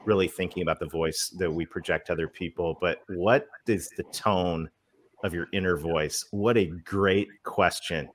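A man's voice: deep voice, fairly even intonation, normal speed. A man hosting a panel conversation, affirming his guests enthusiastically and guiding the segments. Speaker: host. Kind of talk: casual panel chat.

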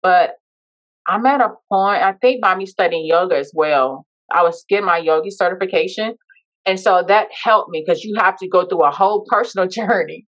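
A woman's voice: fairly low pitch, moderate pace. A woman podcast guest telling her personal story in a heartfelt, reflective way. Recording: dull lo-fi sound.

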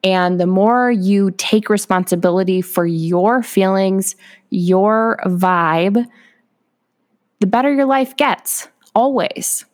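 A woman's voice: mid-range voice, slow. Upbeat woman coaching realtors on mindset. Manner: upbeat, encouraging, speaks directly to listener. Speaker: podcast host, realtor coach. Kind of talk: motivational podcast monologue.

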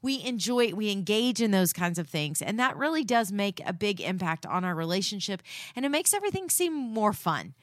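A woman's voice: mid-range voice, big pitch swings, normal speed, dry recording, clean studio sound. A woman co-hosting a marriage podcast, talking with her husband in an earnest, reflective way. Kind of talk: casual chat with her husband.

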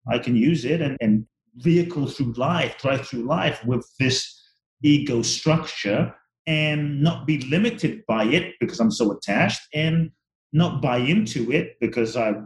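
A man in his forties talking slowly and reflectively about the ego in a spiritual conversation, often repeating words as he thinks. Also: medium pitch, roomy sound, rough recording. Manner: slow, searching, repeats words while thinking.

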